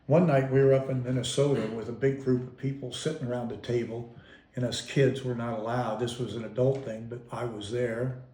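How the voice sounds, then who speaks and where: A man's voice: mid-range voice, fairly even intonation, brisk, warm tone. A man being interviewed, casually reminiscing about his family as an amused storyteller who often stops and restarts his sentences. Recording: roomy echo.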